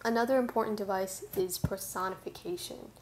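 A woman tutor giving a clear, methodical tutorial on analyzing a poem. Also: medium pitch, fairly quick, darkish tone, slight background noise. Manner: clear, methodical, friendly teaching. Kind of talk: tutorial explanation.

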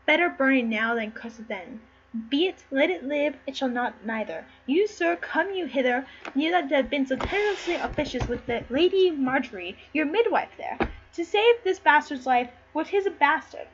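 A woman with a high, animated voice speaks at a normal pace, taking the role of an enraged, jealous king in an amateur read-through. Her delivery is barked and commanding, and the audio is a little muffled with faint noise.

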